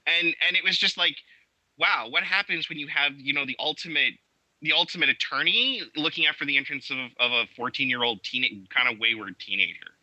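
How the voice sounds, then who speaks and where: Male guest, casual chat, enthusiastic, halting delivery full of restarts; tense, bright tone. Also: a little high, no echo, muffled recording. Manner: halting, many restarts and fillers; enthusiastic storytelling. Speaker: podcast guest. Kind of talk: casual interview talk.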